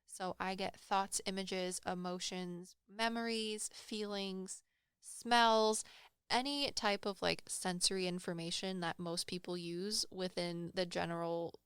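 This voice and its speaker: Smooth-voiced woman telling her stories. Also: on the low side, steady tone, measured pace, a bit bright, no echo. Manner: rambling, self-deprecating, chatty. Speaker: podcast co-host and psychic medium. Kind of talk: casual podcast storytelling. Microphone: studio microphone.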